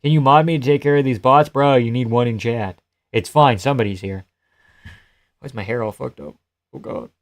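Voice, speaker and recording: A man's voice: mid-range voice, normal speed. Crude, laughing young man streaming. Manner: crude, joking, laughs often, reads chat aloud. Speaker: livestream host. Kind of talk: live fight reaction stream.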